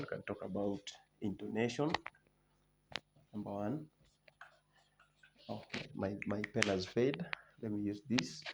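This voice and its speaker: A man with a lowish voice teaches an exam revision lesson, numbering his points and saying each key term twice. He often restarts sentences with fillers. A steady hiss of background noise sits under the recording. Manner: explains point by point, repeats key terms, many restarts and fillers. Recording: noisy background.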